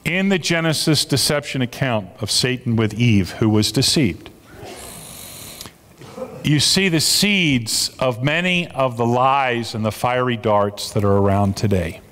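A man's voice: mid-range voice, a little slow, a bit bright. A man preaching a sermon as a pastor, emphatic and repeating his key phrases for weight. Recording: long reverb of a large hall.

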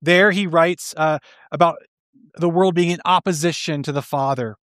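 A man preaching a sermon in an earnest, questioning way, explaining slowly and restarting phrases. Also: on the high side, fairly bright tone, dry recording, studio quality. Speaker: pastor.

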